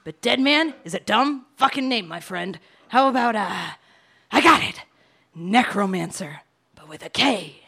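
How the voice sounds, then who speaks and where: A woman's voice: medium pitch, lively intonation, unhurried, creaky, sharp tone, slightly rough, exaggerated voice. A woman playing a cocky, foul-mouthed young wannabe supervillain in a comedy audio drama. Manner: cocky, swearing constantly. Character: brash foul-mouthed young villain wannabe, gun-waving mugger.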